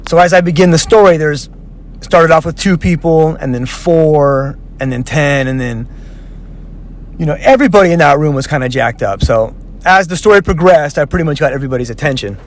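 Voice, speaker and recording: A man casually telling a long personal story, animated and acting out what people said, swearing freely. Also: a little high, brisk. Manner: animated, acts out quoted voices, swears freely.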